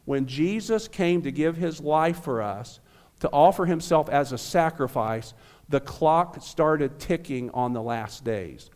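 This American visiting pastor, a man in his fifties, speaks slowly with a slightly high, darkish voice. His sermon to a small church opens with friendly jokes for the congregation and then grows earnest.

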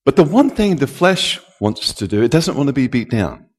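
A man's voice: mid-range voice, big pitch swings, moderate pace, husky. Man preaching in a reverberant hall. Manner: rises to loud call-and-response, draws out key words. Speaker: pastor. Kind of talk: sermon.

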